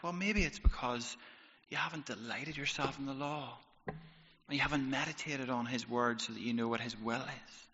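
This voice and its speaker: Bright-voiced preacher in a hall. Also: male voice, mid-range voice, fairly quick. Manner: lively storytelling, rises to loud bursts. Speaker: pastor. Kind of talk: sermon. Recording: reverberant hall, slightly dull sound.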